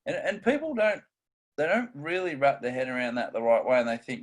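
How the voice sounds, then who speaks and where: A man co-hosting a casual podcast chat, energetic and steering the talk through tips. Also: medium pitch, a little fast. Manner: energetic, steers topics, chatty asides. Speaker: co-host.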